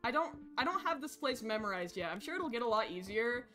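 High bright woman streamer yelling at a game. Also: very animated, faint music behind. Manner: loud, yelling at game characters, swearing; rapid swings to quiet asides. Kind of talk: live-streamed horror game play.

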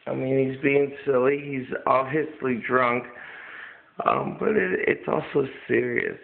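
At home indoors, a man films his dog and talks casually and coaxingly to the camera, swearing now and then. His medium-pitched, gravelly voice keeps a measured pace, and the sound is phone quality.

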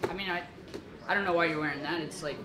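A man's voice: on the high side, fast talker, background noise. A man in a comedy sketch, teasing the other player in a laid-back way.

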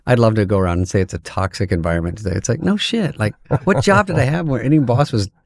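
A middle-aged man, a comedian guest, telling stories in casual chat, profane and animated, acting out quoted voices. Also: lowish voice, fast talker, gravelly.

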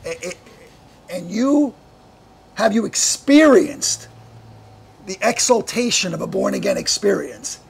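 Male pastor, sermon delivery: high, gravelly voice; animated, full of rhetorical questions. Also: measured pace, pauses often. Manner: animated, asks the congregation many rhetorical questions; laughs often between points.

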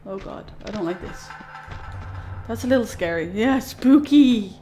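A woman's voice: mid-range voice, moderate pace, over music. A young woman, chatting casually as she streams a game, jumpy and easily spooked, laughing often. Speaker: gaming streamer. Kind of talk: casual let's play commentary.

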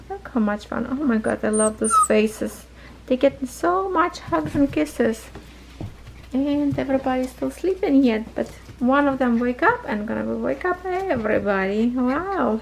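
A woman casually chatting at home in a craft vlog, slipping into high baby talk with her puppies, her English a little non-native. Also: expressive, unhurried, creaky, slight background noise, low-quality recording. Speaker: cross-stitch vlogger.

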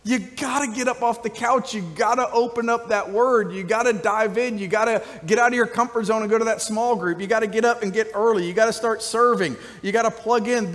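A man preaching a sermon as a pastor, with energetic, conversational delivery and frequent call-outs to the congregation. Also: very high voice, big-room sound. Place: church sanctuary.

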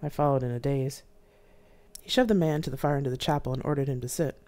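Expressive author reading a novel. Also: mid-range voice, fast talker. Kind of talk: live-streamed audiobook reading.

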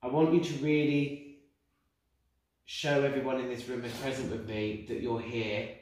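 Man, medium on a ghost hunt, excitable; recorded far off with heavy room echo. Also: mid-range voice, normal speed. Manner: excitable, relays spirit messages. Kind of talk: paranormal investigation chat. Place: dark old control tower, indoors. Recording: echoey room, distant mic.

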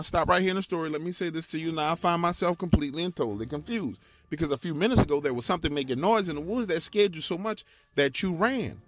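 Animated man telling a scary story. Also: fairly high pitch, dry recording. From Louisiana, US. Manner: emphatic, animated, talks straight to the listener. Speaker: guest telling his own encounter.

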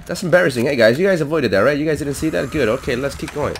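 A man's voice: fairly high pitch, fast, few pauses, a little hiss or hum. A man casually narrating his game to viewers, easily startled and talking to himself as he loots. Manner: excitable, talks to viewers, jumpy outbursts. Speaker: gaming YouTuber. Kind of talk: casual let's-play commentary. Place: hot home room.

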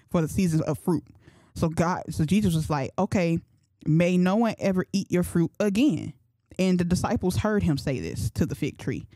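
A young woman in her twenties hosts a faith podcast, chatting in a loose, slangy way and thinking out loud as she goes. Her voice sits low and sounds mellow and relaxed. The sound is dry and close, with no room echo. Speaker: podcast host. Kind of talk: casual faith talk.

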